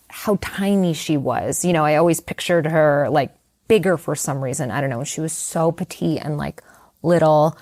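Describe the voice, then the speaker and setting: Middle-aged woman writer, interview guest, candid storyteller, slightly low voice. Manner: candid, conversational, lots of fillers and asides.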